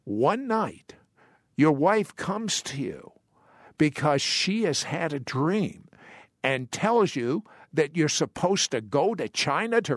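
A man hosting a faith talk show, briskly steering his guest with short, prompting interjections. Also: on the high side, sing-song, no room sound, clean studio sound.

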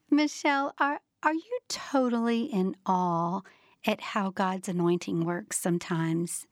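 A woman hosting a faith talk show, asking animated, enthusiastic follow-up questions. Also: mid-range voice, slow pace, no echo, studio quality. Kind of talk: interview conversation.

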